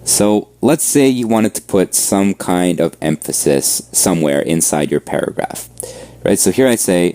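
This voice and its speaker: A man with a low, mellow voice walks through a coding lesson in an easygoing, explanatory way. He keeps checking in with listeners as he goes. The recording is dry and close, with no room sound. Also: a little slow, no echo. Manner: relaxed, explanatory, frequent "right?" check-ins. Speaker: coding instructor. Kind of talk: screen-share coding lesson.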